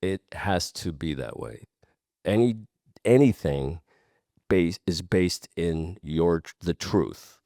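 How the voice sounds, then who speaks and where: A man's voice: deep voice, expressive, slow, vocal fry, warm tone, no room sound, studio quality. A man speaking as a guest in a candid conversation, earnest and repeating points for emphasis, with casual swearing.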